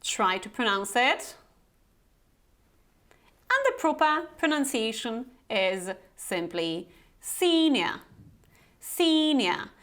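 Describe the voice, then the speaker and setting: Polish-accented woman trainer, careful pronunciation lesson, high voice, unhurried delivery. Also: very animated, a bit bright. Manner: slow, careful, repeats words for learners to copy. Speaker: Business English trainer.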